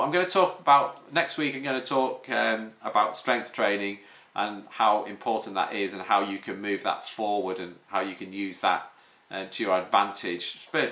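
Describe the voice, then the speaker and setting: A man talking casually as a fitness coach. His voice is bright and forward, and his delivery is loose and rambling, with lots of ums and restarts. The room around him is echoey. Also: on the low side. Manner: rambling with frequent restarts and 'um'. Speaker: personal trainer and online fitness coach. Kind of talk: casual podcast monologue. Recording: roomy echo.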